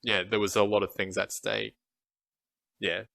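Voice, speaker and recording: A man with a low, gravelly voice reviewing a movie on a podcast. He speaks in a flat, measured way with hesitant fillers. The sound is dry and close. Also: no room sound. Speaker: podcast co-host. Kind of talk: casual film review chat.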